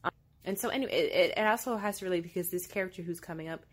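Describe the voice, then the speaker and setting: A woman's voice: on the low side, rapid-fire. A young woman giving chatty, casual commentary while watching a movie, using plenty of fillers. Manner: chatty, filler-heavy, animated.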